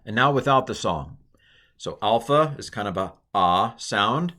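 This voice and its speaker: A man in his fifties gives a recorded lesson on the Greek alphabet. He talks unhurriedly in a fairly low, bright voice and explains each letter plainly. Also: lively intonation, measured pace. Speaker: Greek teacher.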